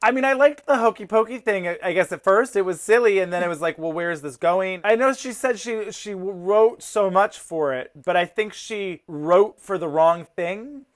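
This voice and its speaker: A relaxed co-host with a voice of middling pitch talks through a show review. The talk is reflective, broken up by easy laughs and acted-out quotes. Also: moderate pace, hardly any pauses. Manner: thoughtful, laughs easily, acts out quotes. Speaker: podcast co-host. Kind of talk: casual review chat.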